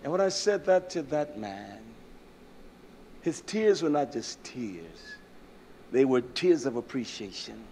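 An older man preaching a sermon as pastor, swinging from shouted climaxes to hushed storytelling, with frequent "uh" fillers. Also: medium pitch, very animated, takes it slowly, long pauses, slight background noise.

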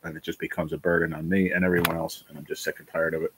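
A man's voice: sits low, flat delivery, very fast, a bit bright, breathy edge, low-quality recording. A man hosting a casual livestream chat, worn down by illness, rambling and swearing as he vents his frustrations. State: ill, worn down. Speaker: livestream host.

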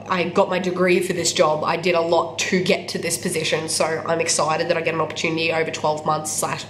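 A woman with an Australian accent, chatting candidly in a casual book vlog while sick with a cold, repeating words for emphasis. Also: lowish voice. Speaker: book vlogger. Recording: echoey room with faint background noise.

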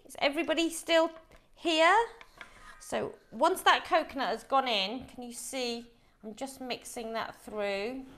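A woman's voice: a little high, fairly bright tone. A middle-aged woman from Wolverhampton, England, hosting a live cooking show and chatting to viewers as she explains each step.

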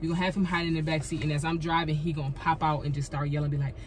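A woman vlogger, chatting casually and loudly over music. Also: deep voice, very fast, slight background noise. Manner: lively, slangy, loud hype intro. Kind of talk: casual prank vlog chat.

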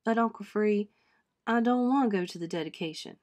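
A grieving young boy pleads in a high, tearful voice, voiced by a woman reading a storybook aloud. He sounds close to breaking, his words rising as he begs. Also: a little fast, a little mellow, close to an everyday voice. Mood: pleading.

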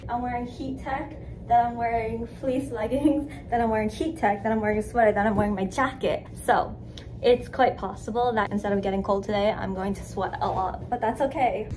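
A woman's voice: fairly high pitch, fairly even intonation, brisk, noisy background. Chatty young woman vlogging. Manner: chatty, upbeat, self-narrating. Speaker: travel vlogger. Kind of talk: casual vlog chat. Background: music bed.

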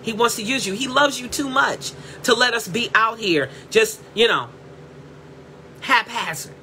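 Speaking a little slowly with a fairly high, sharp-toned voice, a prophetic teacher preaches with passion, scolding directly and bluntly, repeating herself and crying out in praise. Slight background noise is audible.

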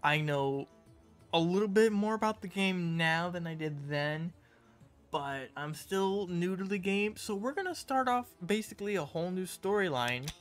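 A young man playing a game on camera as a YouTuber, animated and barking orders at the characters. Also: high-pitched, moderate pace, faint music behind. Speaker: gaming YouTuber.

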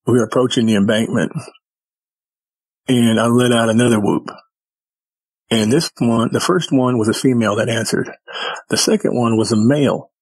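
With a breathy edge to his mid-range voice, a man recounts his own encounters as a podcast guest, talking at a moderate pace with long pauses and no echo. His telling is folksy and meandering, and he animatedly voices the people in his stories.

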